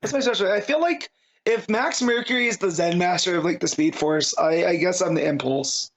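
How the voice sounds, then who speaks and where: A man's voice: high voice, a little fast. A man co-hosting a comics podcast in casual chat, rambling and enthusiastic and prone to tangents. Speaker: podcast co-host. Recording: slightly dull lo-fi audio.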